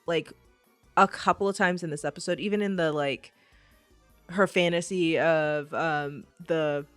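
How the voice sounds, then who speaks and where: A woman's voice: low voice, measured pace, clear, resonant tone, no echo, faint music behind. A woman co-hosting a podcast, chatting casually about a TV show, laughing often and quoting scenes. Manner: lively, laughs often, jumps in with quotes. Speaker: podcast co-host. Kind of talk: casual recap chat.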